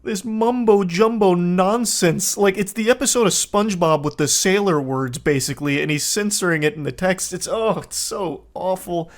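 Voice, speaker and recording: A man in his thirties reading out text messages with dry, deadpan, sardonic commentary. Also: sits high, moderate pace, few pauses. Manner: deadpan, sardonic, monotone delivery. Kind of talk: comedic commentary.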